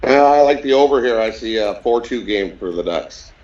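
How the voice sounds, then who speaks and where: A man's voice: lowish voice, animated, moderate pace, a little mellow, muffled recording. A man giving brief, plain-spoken hockey picks in a casual betting chat. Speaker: guest handicapper.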